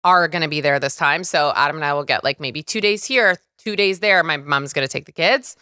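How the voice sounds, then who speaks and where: A woman in her thirties, a podcast co-host, chatting bluntly and casually in quick back-and-forth. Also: low-pitched, pushed and bright, clean tone, no echo, studio quality. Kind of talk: casual chat.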